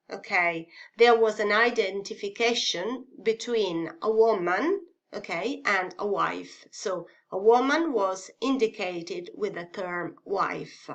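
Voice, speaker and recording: A woman with an Italian accent, teaching a revision lesson slowly and carefully, with many pauses, fillers and "okay?" checks. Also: mid-range voice, pushed and bright. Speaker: English literature teacher.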